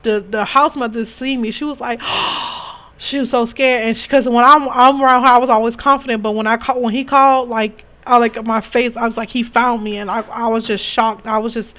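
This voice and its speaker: A woman's voice: on the high side, fairly even intonation, brisk, hardly any pauses, a bit bright. A young woman telling her own story in a candid, emphatic way, often restarting her sentences. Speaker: spiritual reader sharing experiences. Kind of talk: casual personal storytelling. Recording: dull lo-fi recording.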